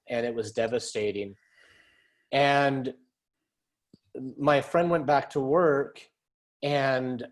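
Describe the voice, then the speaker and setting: A man's voice: mid-range voice, darkish tone. A man in his forties, a counselor, talking conversationally on a video-call panel and telling anecdotes with light laughs. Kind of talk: casual panel talk with storytelling.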